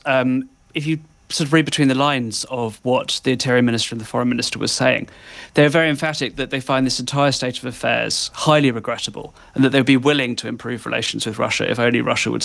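A male foreign correspondent giving articulate, analytical explanations on live radio, pausing now and then with "um". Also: medium pitch, fairly even intonation, gravelly, fairly bright tone, dry recording. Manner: articulate, analytical, with occasional "um" pauses.

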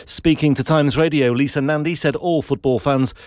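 A man reading the radio news in a measured, formal delivery. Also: a little high, steady tone, a little mellow, dry recording, studio quality. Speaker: newsreader.

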